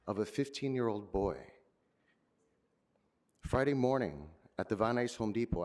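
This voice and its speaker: Earnest man with a lowish voice. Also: darkish tone. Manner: earnest, measured, speech-like delivery. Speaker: public commenter. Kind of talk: formal public comment at a council meeting.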